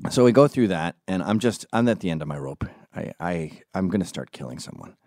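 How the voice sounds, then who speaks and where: A man vlogging into his own camera in an animated, profane rant, mimicking the people he talks about. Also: deep voice, fairly quick, no echo, clean studio sound. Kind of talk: ranting monologue to camera.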